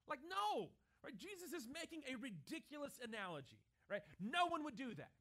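A middle-aged man with a very high voice preaches a sermon. He talks in a chatty, conversational way and keeps checking in with "right?". For his main points he drops into a hushed, intense delivery. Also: sing-song, moderate pace, hardly any pauses. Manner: drops to a quiet, low, intense voice for key points. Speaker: pastor.

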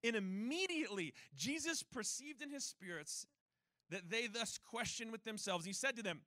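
Bright, high-voiced male preacher. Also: moderate pace, no room sound. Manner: animated storytelling with rhetorical questions. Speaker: church pastor. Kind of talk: sermon.

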